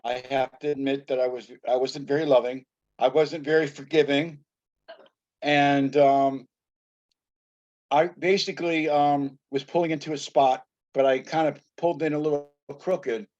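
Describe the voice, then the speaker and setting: A man in a church class telling a personal confession, halting and full of fillers. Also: on the high side, fairly even intonation, a little mellow, lo-fi sound. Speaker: class member.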